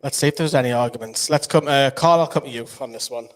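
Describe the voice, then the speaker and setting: A man's voice: mid-range voice, quick pace. Chatty Geordie man hosting a quiz. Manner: chatty, explaining rules at length. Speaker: quiz host. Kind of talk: casual live-stream quiz hosting.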